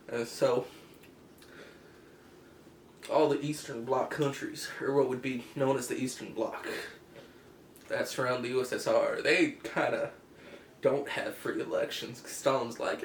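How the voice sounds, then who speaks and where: A man's voice: mid-range voice, steady tone, unhurried, pauses often, roomy sound, a little hiss or hum. A man giving a casual comedic explainer with pirate slang, rambling and correcting himself offhandedly. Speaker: comic history explainer.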